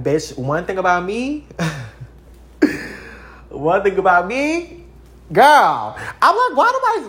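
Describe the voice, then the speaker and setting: Animated, profane vlogger from Texas. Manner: animated and profane, big swings in pitch and loudness. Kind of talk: casual chat to camera.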